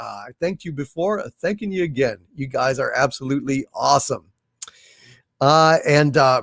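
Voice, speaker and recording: A man chats loosely on a livestream, answering viewer messages as he reads them. His voice sits a little high for a man, and he stumbles through fillers and repeated words, cursing freely when he gets worked up. The sound is dry, with no room echo. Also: gravelly. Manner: rambling with many fillers and restarts, swears when ranting. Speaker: livestream host reading viewer super chats. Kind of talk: casual live-stream chat.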